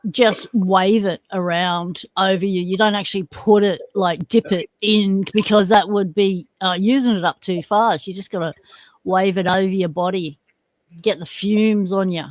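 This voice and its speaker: A woman's voice: mid-range voice, fairly even intonation, normal speed. An Australian woman hosting a casual livestream chat, full of teasing banter. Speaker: livestream host.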